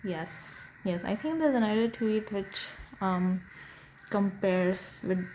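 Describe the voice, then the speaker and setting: A young woman hosting a podcast, chatting slowly and casually with lots of fillers, gushing over a show. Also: medium pitch, darkish tone, slight background noise, low-quality recording. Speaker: podcast host. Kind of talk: casual fan reaction chat.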